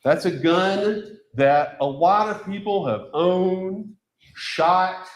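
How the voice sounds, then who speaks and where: A man's voice: high voice, slow. Emphatic male defense attorney, echoey courtroom. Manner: emphatic, rhetorical questions to the jury. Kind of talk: courtroom closing argument.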